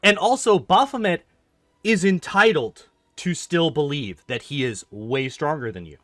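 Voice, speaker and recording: A young man with a fairly high voice talks a little slowly while streaming a game, ranting animatedly, swearing frequently and saying "like" constantly. It's studio quality with no room sound.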